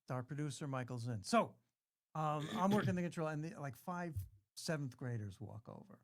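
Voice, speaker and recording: Male co-host, high lively voice, eager storyteller. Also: brisk. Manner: eager, keeps pushing to tell his own story. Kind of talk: casual chat.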